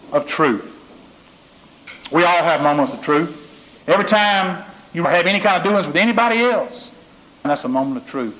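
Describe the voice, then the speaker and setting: Folksy motivational speaker, fairly high voice. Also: male voice, a bit bright, poor audio. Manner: folksy storyteller, repeats key phrases. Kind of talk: motivational speech with jokes.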